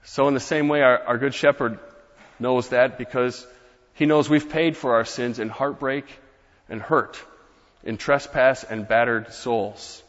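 A man's voice: medium pitch, steady tone, unhurried, a bit bright. A young male pastor delivering a sermon, earnest and building to emphatic rhetorical questions. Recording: muffled, echoey church hall.

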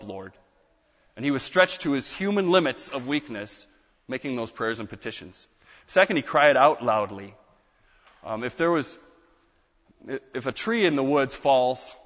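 A man's voice: medium pitch, a bit bright. Man preaching in a reverberant hall. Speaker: pastor. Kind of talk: sermon. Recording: muffled sound with long hall reverb.

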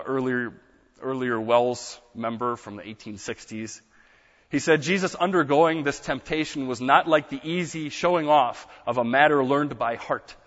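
A man's voice: mid-range voice, a bit bright. A man preaching a sermon as pastor, earnest and building to emphatic rises. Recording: muffled sound with long hall reverb.

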